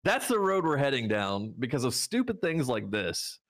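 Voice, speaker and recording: An American man co-hosting a podcast, talking loosely and stumbling over his restarts. He breaks into laughter often, and his voice sits at an ordinary middle pitch. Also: sing-song, normal speed, a bit bright. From United States. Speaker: podcast co-host. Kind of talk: casual podcast chat.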